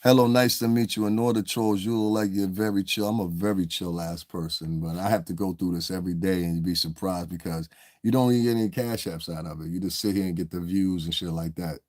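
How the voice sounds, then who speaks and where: A man from New York hosts a live stream, answering his chat in a rough, swearing, confrontational ramble. His voice sits on the low side, and the sound is dry and close with no room around it. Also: steady tone, fairly quick, a little mellow, dry recording. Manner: confrontational, profane, rambling, talks back to chat. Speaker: livestream host reading chat. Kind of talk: casual live-stream rant.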